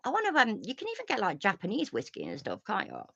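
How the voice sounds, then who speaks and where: A woman's voice: mid-range voice, huge pitch swings, fast talker, vocal fry, pushed and bright, slightly rough, dry recording, lo-fi sound. A woman hosting a casual livestream chat, ranting and swearing freely. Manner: ranty, sweary, chatty. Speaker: host.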